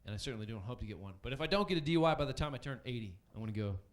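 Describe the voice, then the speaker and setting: A man working a comedy club crowd, loose and self-mocking with plenty of ums. His pitch rises and falls a lot. He talks into a handheld stage mic. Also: lively intonation, very fast. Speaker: stand-up comedian. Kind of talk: stand-up comedy set.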